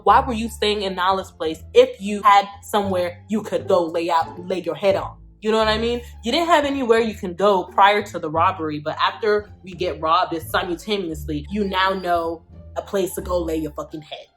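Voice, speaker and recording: A woman's voice: medium pitch, normal speed, faint music behind. A young woman vlogger telling a storytime, emphatic and profane, repeating lines for effect. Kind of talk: storytime vlog.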